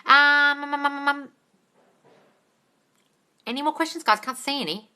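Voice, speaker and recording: A bright, crisp woman's voice, talking into a phone or webcam on a casual live stream. She reads out viewers' comments and answers them bluntly, sprinkling in swear words and calling everyone darling. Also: high voice, normal speed, long pauses. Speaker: manifestation coach answering live questions.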